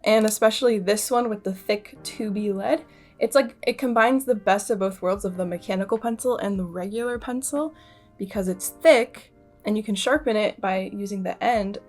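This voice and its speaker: A woman's voice: medium pitch, moderate pace, a little mellow. Chatty young Canadian woman vlogging. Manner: rambling, chatty, many fillers. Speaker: art vlogger. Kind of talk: casual vlog talk. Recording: faint music behind voice.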